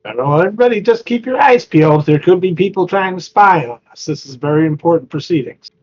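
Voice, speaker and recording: A man's voice: sits high, expressive, fast talker, a little mellow, muffled recording. A man playing in a tabletop game, speaking in a playful, mock-suspicious way. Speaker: player. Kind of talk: casual tabletop game play.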